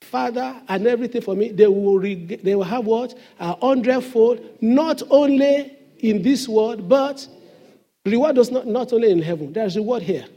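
A man's voice: very high voice, normal speed, dark tone. A man preaching a sermon as pastor in a church, with emphatic call-and-response questions to the congregation.

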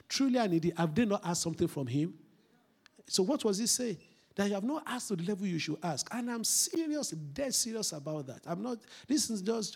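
Raspy pastor preaching. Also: male voice, a little high. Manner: swings from loud exhortation to quiet intensity, repeats phrases. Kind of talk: sermon. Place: church.

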